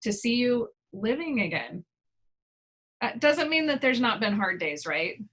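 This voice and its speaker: A woman's voice: on the high side, sing-song, measured pace. A woman hosting a podcast interview, speaking in a heartfelt, conversational way. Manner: warm, heartfelt. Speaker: podcast host. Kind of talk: casual interview chat.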